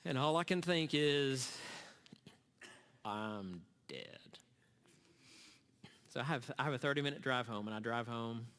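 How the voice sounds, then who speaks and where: A middle-aged man telling a personal story to parents at a church gathering, earnest and halting, often restarting his sentences. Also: mid-range voice, steady tone, a bit bright, smooth. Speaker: speaker at a church summer series. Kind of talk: storytelling sermon talk. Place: church hall. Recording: long reverb of a large hall.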